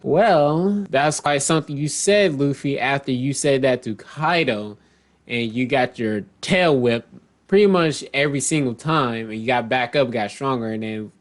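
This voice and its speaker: Slow-talking man casually recapping. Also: mid-range voice. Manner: loose, rambling, self-correcting, reads out character lines. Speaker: manga chapter reviewer.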